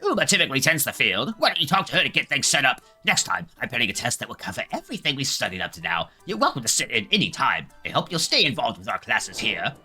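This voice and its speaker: A man's voice: medium pitch, sing-song, fast, hardly any pauses, bright, forceful tone, breathy edge, soft background music, full character voice. A man reading game dialogue aloud as a cheerful, earnest male village schoolteacher who talks formally and gushes with thanks. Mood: pleased. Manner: polite, formal, gushing.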